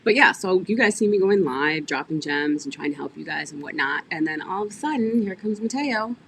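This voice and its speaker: A woman's voice: fairly low pitch, fairly quick, vocal fry, a little hiss or hum. A woman coach hosting a casual interview over a video call, talking animatedly and laughing often. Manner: animated, laughs often, addresses audience as "y'all". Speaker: business coach and podcast host.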